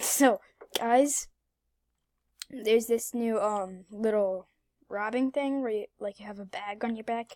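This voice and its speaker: A young woman giving casual, excitable commentary over her gameplay, repeating phrases and jumping between hushed whispers and loud outbursts. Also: mid-range voice, slow, no room sound, studio quality. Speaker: gaming YouTuber.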